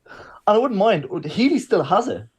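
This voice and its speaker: A man with a high voice and moderate pace co-hosts a podcast, telling a story casually. He brings energy to it and acts out the lines spoken by the people in the tale.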